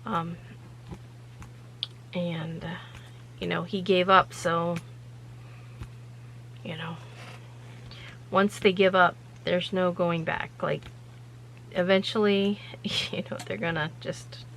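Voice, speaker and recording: A woman's voice: lowish voice, steady tone, slow, gravelly, pauses often, fairly bright tone, a little hiss or hum, rough recording. A woman hosting her own vlog, telling a story in a rambling, chatty way with lots of loose fillers. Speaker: vlog host.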